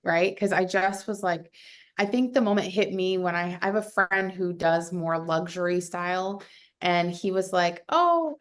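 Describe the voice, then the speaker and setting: A young adult woman, a realtor, chatting casually over a video call, animated and full of fillers. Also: fairly low pitch, normal speed. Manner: chatty, animated, acts out quotes with lots of fillers. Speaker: realtor panelist.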